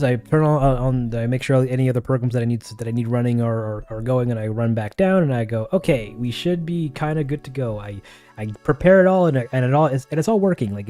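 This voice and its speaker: A man's voice: medium pitch, warm tone. A man on his own livestream, telling a rambling story in a casual way, full of restarts and acted-out quotes.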